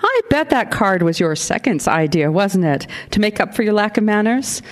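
A woman reading aloud voices a wry, sharp-tongued female werewolf with a dry, needling way of talking. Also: medium pitch, big pitch swings, normal speed, voice pushed up, natural voice. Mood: mocking.

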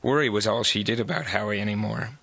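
Man, live book reading, steady narration, bright forceful tone, lowish pitch. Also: fast, vocal fry, husky, no room sound. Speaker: author reading his book. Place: bookstore.

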